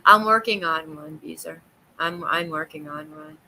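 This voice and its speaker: A woman hosting a casual livestream chat with viewers, talkative and quick to laugh, often restarting her sentences. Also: sits low, creaky, pushed and bright, slight background noise, poor audio. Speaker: livestream host.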